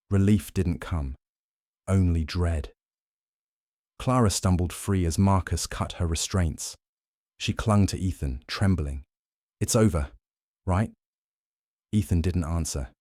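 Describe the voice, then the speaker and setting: Deep-voiced man narrating a thriller. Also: takes it slowly, pauses often, darkish tone, no echo, clean studio sound. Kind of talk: scripted dramatic narration.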